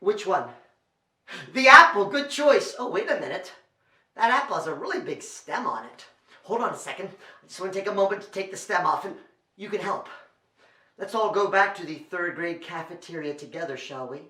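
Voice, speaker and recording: A man's voice: high voice, lively intonation, normal speed, sharp tone. A man performing a playful comic juggling act for children and talking straight to the young audience at home. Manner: playful, talks to the kids at home. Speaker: children's entertainer. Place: library show recorded on video. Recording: echoey room.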